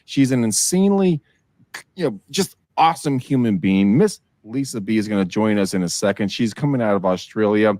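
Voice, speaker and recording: A man's voice: fairly low pitch, expressive, brisk, darkish tone, no echo, studio quality. Hyped-up male show host. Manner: hyping and effusive, with upbeat hollers. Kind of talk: enthusiastic show host intro.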